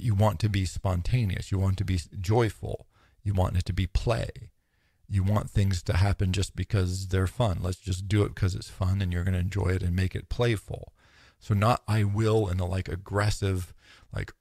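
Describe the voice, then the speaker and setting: A man's voice: low-pitched, flat delivery, moderate pace, gravelly, darkish tone, dry recording, studio quality. A man giving an informal lecture on philosophy, talking in a thoughtful, musing way with many restarts and quoted asides.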